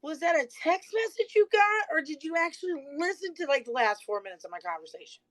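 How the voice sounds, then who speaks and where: Woman streamer, a little high, on a phone mic; confrontational rant delivered in quick bursts, keeps saying she isn't angry. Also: low-quality recording. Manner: confrontational, repeated pointed rhetorical questions; rapid bursts, insists she is calm. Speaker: live streamer. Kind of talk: livestream call-out rant.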